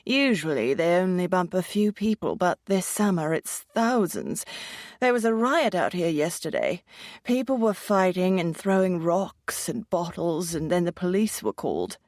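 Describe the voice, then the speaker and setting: A woman's voice: fairly low pitch, big pitch swings, moderate pace, a little mellow, dry recording, clean studio sound. A woman voicing a matter-of-fact traveler with a British accent. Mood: informative.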